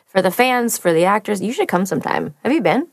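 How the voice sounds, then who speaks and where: A woman's voice: mid-range voice, big pitch swings, a little fast, vocal fry, no room sound, studio quality. A woman voice actor chatting as a guest, telling stories and gushing about fans with frequent laughter. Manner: gushing, storytelling, laughs often. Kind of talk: casual chat.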